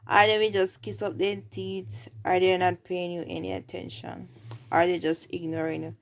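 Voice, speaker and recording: A woman's voice: fairly low pitch, little pitch movement, moderate pace, gravelly. A woman with a Jamaican accent teaching everyday phrases, saying each example twice. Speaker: language teacher.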